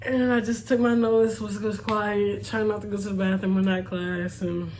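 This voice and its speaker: A woman's voice: mid-range voice, flat delivery, moderate pace, darkish tone, a little hiss or hum. A young woman chatting casually to her viewers, laughing often and calling them y'all. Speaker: vlogger. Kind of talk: casual storytime chat.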